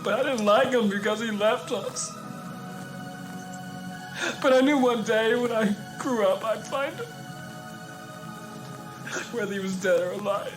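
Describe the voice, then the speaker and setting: Picture a young man in an old movie scene, earnestly telling of the father he never knew, as an actor plays him. The clip sounds distant, with film music running clearly underneath. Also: medium pitch, measured pace, long pauses, lightly acted. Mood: wistful. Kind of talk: earnest 1980s film dialogue. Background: film score music.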